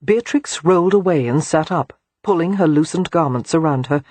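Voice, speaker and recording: A man narrating a romance audiobook in an expressive storytelling manner. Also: fairly high pitch, moderate pace, few pauses, no echo.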